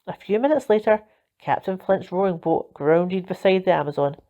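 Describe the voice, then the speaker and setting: A woman narrating a children's storybook in a steady, expressive reading voice. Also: lowish voice, moderate pace. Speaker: volunteer reader. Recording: dull lo-fi recording.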